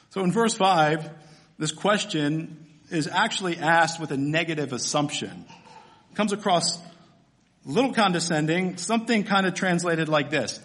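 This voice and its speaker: A man's voice: high voice, expressive, moderate pace, fairly bright tone. A man preaching a sermon in a church, humorous and conversational, often asking his listeners questions. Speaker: pastor.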